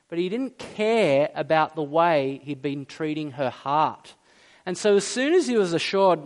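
A man's voice: on the high side, animated, unhurried. A man preaching a sermon in a conversational way, asking his listeners rhetorical questions and acting out quoted speech. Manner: acts out quoted speech in varied voices. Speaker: pastor.

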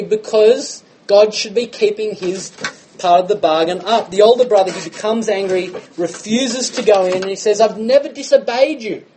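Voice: mid-range voice, a little mellow, low-quality recording. A preacher, giving a conversational sermon full of rhetorical questions.

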